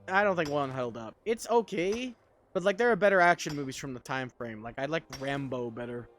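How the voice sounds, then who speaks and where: A man's voice: a little high, fairly bright tone. Sleepy rambling man streaming a game. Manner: rambling, swearing, restarts. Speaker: gaming streamer. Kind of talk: casual game livestream chat.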